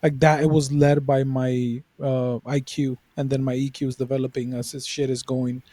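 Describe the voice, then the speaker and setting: Mellow-voiced young man, candid and profane. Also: medium pitch, moderate pace, no echo. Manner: candid, profane, animated, laughs while talking. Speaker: podcast co-host. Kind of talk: casual podcast chat.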